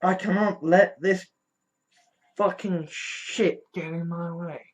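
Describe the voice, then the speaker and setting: A vlogger in a candid personal monologue, blunt and profane, sighing and trailing off, then flaring into mocking loud bits. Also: medium pitch, steady tone, slow pace. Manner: blunt and profane, with frequent sighs and trailing restarts; swings between weary mutters and mocking shouted quotes.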